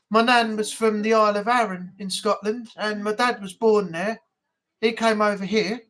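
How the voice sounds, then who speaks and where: A man's voice: sits high, fairly bright tone. A man hosting a casual live chat from home, rambling and easygoing. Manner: rambling, chatty, laughs easily. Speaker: live stream host.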